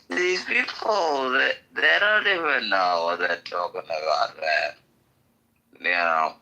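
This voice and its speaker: Blunt profane man, very bright sharp tone, fired-up rant. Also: mid-range voice, creaky, rough recording. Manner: profane, ranting and emphatic. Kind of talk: heated call-in discussion.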